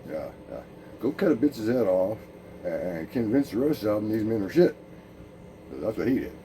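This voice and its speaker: A man's voice: fairly low pitch, sing-song, moderate pace, warm tone, far from the mic, slight background noise, low-quality recording. A man speaking a profane, meandering monologue, full of restarts, jumping between ideas. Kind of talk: rambling monologue.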